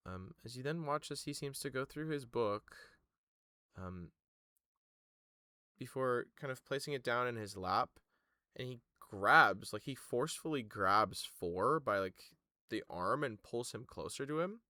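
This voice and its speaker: A man narrating a tabletop game as game master, halting and full of fillers. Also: medium pitch, expressive, pushed and bright, dry recording, clean studio sound.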